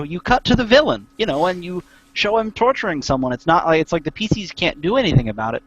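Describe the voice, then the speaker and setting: A man in a casual chat among tabletop gamers, telling stories in an animated way with halting restarts. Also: on the high side, no echo, highs cut off. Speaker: tabletop game player.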